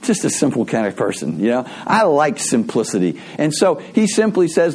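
A man's voice: mid-range voice, sing-song, normal speed, few pauses, darkish tone, slightly rough. A man preaching a sermon in a conversational way, asking rhetorical questions and adding playful asides. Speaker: pastor.

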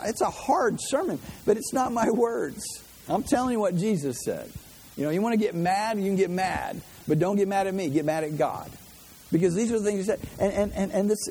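Male pastor, high voice, animated conversational preaching, faint hiss behind. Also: poor audio. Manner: conversational, animated, with frequent restarts. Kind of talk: sermon.

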